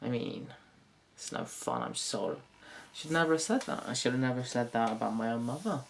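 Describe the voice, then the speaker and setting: A man's voice: medium pitch, animated, brisk, creaky, a little hiss or hum. A man with a Yorkshire accent performing a stand-up comedy routine, rambling, correcting himself and swearing with sardonic delivery. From Yorkshire, England.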